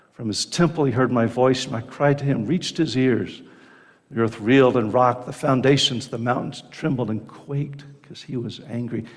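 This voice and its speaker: Slow-speaking male preacher in a hall. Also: medium pitch. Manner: reads scripture aloud between plain teaching, with filler pauses. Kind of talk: sermon.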